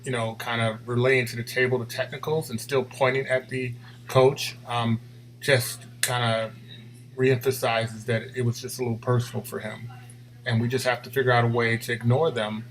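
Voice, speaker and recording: A man, a basketball official, giving a comment in a meeting on a video call, speaking haltingly with restarts. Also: mid-range voice, flat delivery, a bit bright, a little hiss or hum, rough recording.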